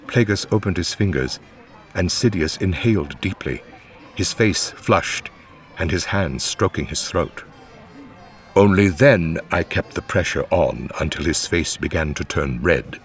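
A man's voice: deep voice, lively intonation, a little slow. A man narrating an audiobook in a dramatic scripted reading. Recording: faint music bed under narration.

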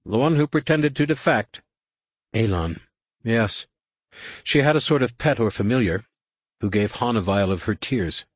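A man's voice: lively intonation, normal speed, long pauses, no echo, close to an everyday voice. A man voicing Mara, a stubborn pregnant woman. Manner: insistent, lifted pitch.

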